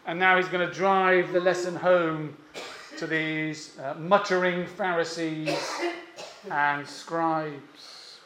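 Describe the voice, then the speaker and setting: A man preaching a sermon, emphatic and pausing often, with rhetorical questions. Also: a little high, little pitch movement, noisy background. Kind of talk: expository sermon. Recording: echoey room.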